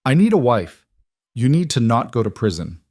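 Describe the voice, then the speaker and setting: A man playing a cold, controlled mafia boss who talks in a calm, matter-of-fact, almost gentle way. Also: medium pitch, moderate pace, dry recording, studio quality.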